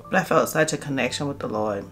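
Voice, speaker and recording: A woman's voice: a bass voice, fast talker, a bit bright. A woman telling a personal storytime vlog story, candid and conversational, acting out the dialogue. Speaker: vlogger.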